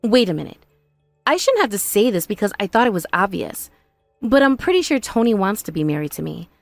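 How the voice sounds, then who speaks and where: A woman voicing a patient young bride in an animated story, calm, earnest and reasoning. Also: medium pitch, brisk, gravelly, no echo, soft background music.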